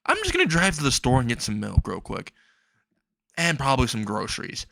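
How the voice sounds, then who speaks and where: A man's voice: mid-range voice, huge pitch swings, fairly quick, gravelly, pushed and bright, a little hiss or hum, exaggerated voice. A man voicing a careless middle-aged mother who speaks in an offhand drawl.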